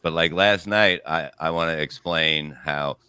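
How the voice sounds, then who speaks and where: A man's voice: very deep voice, unhurried, pushed and bright, clear, resonant tone, no echo. A man, a comedian guest, telling rambling, profane stories in a casual podcast chat.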